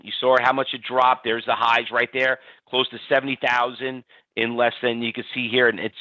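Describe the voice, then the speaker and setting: A man hosting a live trading webinar, talking in an energetic, chatty way and reading out audience answers by name. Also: mid-range voice, no room sound. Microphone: computer mic on a webinar stream. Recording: dull, slightly lo-fi webinar audio, dry.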